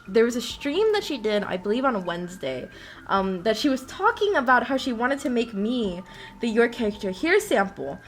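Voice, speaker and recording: Giggly, high-voiced young woman streamer. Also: slight background noise. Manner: giggly, rambling, excitable. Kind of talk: casual chat.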